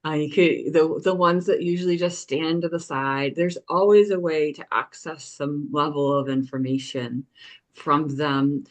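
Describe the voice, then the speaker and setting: A woman with a fairly low voice hosts a podcast. She explains her experience as a medium in a relaxed, easygoing way. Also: measured pace. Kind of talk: casual podcast chat.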